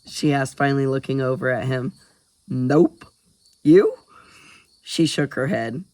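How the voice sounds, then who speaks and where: A man reading a novel aloud as an audiobook narrator, in an even storytelling way. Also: mid-range voice, fairly quick, no echo. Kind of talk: scripted narration.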